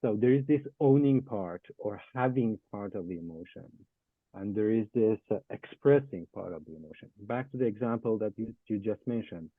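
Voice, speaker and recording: A man's voice: lowish voice, animated, normal speed, no echo. Hesitant man on a tinny, phone-like line. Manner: hesitant, many fillers and restarts. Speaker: guest. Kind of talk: academic discussion.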